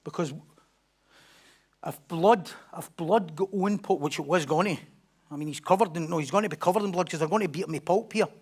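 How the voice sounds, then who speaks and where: A man preaching a sermon as pastor, animated, acting out crowd voices and swinging from loud declarations to hushed asides. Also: on the high side, fairly quick, breathy edge. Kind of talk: expository sermon.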